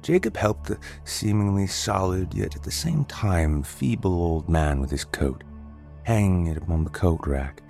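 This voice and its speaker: A man reading a story aloud as narrator, in a measured, descriptive way. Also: low-pitched, a little mellow. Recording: faint background music.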